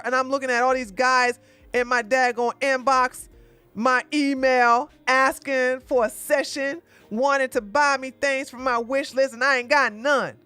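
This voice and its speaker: A woman's voice: a little high, bright, forceful tone, clean tone, no room sound. Chatty woman livestream host. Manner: chatty, exclamatory, thanks viewers by name. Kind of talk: casual livestream commentary.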